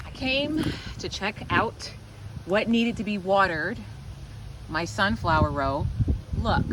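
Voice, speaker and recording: A woman's voice: mid-range voice, expressive, slow, pauses often, noisy background. A woman with a Southern American accent vlogging in her outdoor garden, talking straight to the critters and airing her frustration. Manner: exasperated, talks to garden critters. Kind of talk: casual garden vlog.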